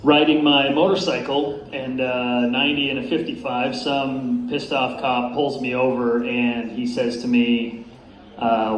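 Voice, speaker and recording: A man performing an open mic stand-up set in a dry, unhurried way, with frequent "uh" fillers. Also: mid-range voice, flat delivery. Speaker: stand-up comedian. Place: comedy venue with a live room. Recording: roomy venue sound, faint ambience.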